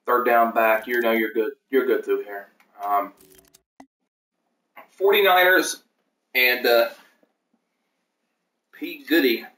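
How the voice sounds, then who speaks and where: Reviewing team depth charts on a casual livestream, this league host wanders through lineups with many fillers, often correcting himself. His voice is medium-pitched and a bit bright, off the mic and echoing in the room.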